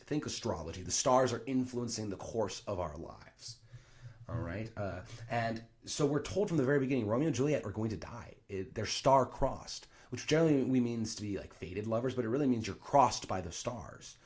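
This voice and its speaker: A man teaching a class on a play, talking casually and thinking aloud with asides and fillers. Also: lowish voice. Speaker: teacher explaining Shakespeare. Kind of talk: casual explanatory lesson.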